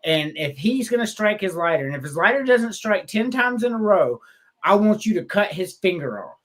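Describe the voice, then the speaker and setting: A man on a casual podcast retells comedy scenes with gusto. His voice sits high and he bursts into loud acted-out lines. He swears freely as he talks. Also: moderate pace. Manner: animated, swearing, acts out quotes in loud voices. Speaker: podcast co-host.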